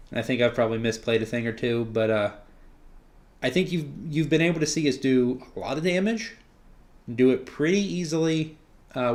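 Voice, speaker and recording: Male gameplay commentator, mid-range voice, relaxed and chatty, thinks out loud. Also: medium pitch. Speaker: card game player commenting on his own match.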